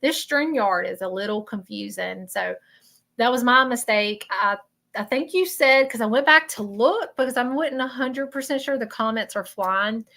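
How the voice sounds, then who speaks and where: A woman with a Southern accent, a spiritual medium hosting a livestream, soft-spoken and apologetic, talking over a video call. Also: fairly high pitch, normal speed, vocal fry. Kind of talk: livestreamed reading and chat.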